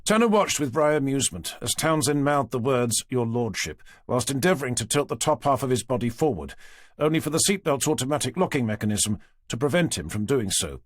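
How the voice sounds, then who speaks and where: A male audiobook narrator reading a detective story in a measured, steady way. His voice is slightly husky, mid-pitched, and recorded close and dry. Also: no echo. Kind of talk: scripted narration.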